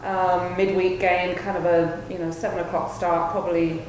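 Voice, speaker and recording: A woman's voice: lowish voice, level tone, normal speed. Upbeat woman in a very echoey pub. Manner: upbeat, with um fillers. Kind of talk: casual bar talk. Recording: very echoey pub with faint noise.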